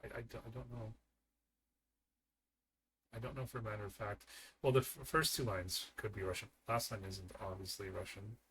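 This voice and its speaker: A man's voice: fairly low pitch, fairly even intonation, moderate pace, long pauses, noisy background. A man streaming a game live, thinking aloud and muttering his guesses as he works through a puzzle.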